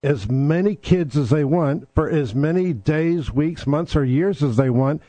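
A man's voice: fairly high pitch, measured pace, warm tone, no room sound. A man hosting his own talk show, talking bluntly and combatively with plenty of swearing. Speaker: podcast host. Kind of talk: casual political talk.

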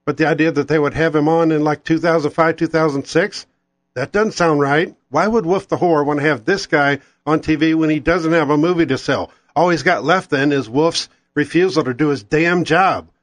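A man's voice: a little high, moderate pace, dry recording. A man hosting political talk radio, ranting angrily and sarcastically.

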